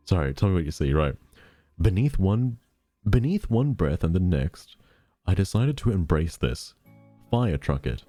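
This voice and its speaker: A man's voice: deep voice, mellow. A man casually reading a novel aloud, breaking off for irreverent, profane asides. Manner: irreverent, swears, breaks off to joke.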